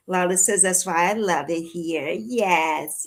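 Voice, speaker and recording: A woman in her early sixties hosting a casual livestream, chatting warmly and repeating her phrases as she answers viewers' comments. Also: lowish voice, slow pace. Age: 60s. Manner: warm, chatty, repeats phrases, laughs often. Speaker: livestream host.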